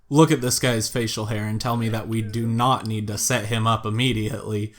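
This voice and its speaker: A chatty man talks his way through a matchmaking game, reading out profiles and musing about his choices. His voice sits at an ordinary middle pitch, easygoing and amused, now and then jumping up into excited shouts. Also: moderate pace. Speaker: gameplay commentator. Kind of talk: let's play commentary.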